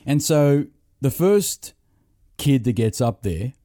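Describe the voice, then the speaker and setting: Middle-aged Aussie man, warm dark tone, dry close mic, profane rambling storyteller. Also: medium pitch, expressive, slow, no room sound. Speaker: podcast host. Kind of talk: casual storytelling chat.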